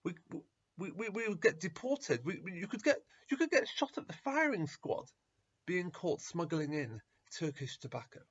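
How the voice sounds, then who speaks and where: A man voicing anxious young male disciples who stammer and protest loudly, on a dull lo-fi recording. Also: on the high side, lively intonation, normal speed, creaky, slightly rough, voice pushed up, exaggerated voice.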